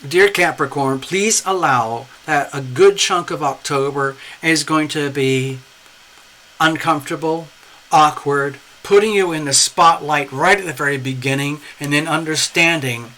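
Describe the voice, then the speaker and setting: A man rambles through a live tarot stream, tossing in "okay?" and "you know" as he goes. His voice sits a little high and comes across bright and forceful. A faint hum of noise runs under the recording. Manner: chatty, rambling, greets viewers by name. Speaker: tarot reader.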